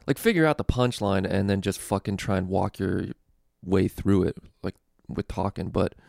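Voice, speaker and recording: Laid-back gravelly man, swearing and rambling. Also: low-pitched, normal speed, a little mellow, no echo, clean studio sound. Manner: laid-back, profane, lots of fillers and laughs. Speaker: comedy podcast host. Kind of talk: casual rambling storytelling.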